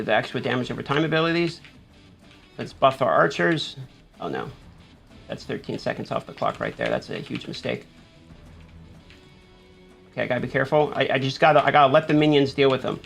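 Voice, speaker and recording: Guy with a gravelly voice commentating his own game run, hyping himself up. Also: medium pitch, expressive, a little fast, long pauses, a bit bright, faint music behind. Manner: talks himself through play, panics and urges himself on. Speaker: gaming YouTuber. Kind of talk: live gameplay commentary.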